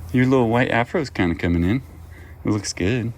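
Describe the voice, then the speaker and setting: Out in the pen, a goat farmer and vlogger chats fondly and playfully with his goats. His medium-pitched voice is brisk, and a little hiss or hum sits under the recording.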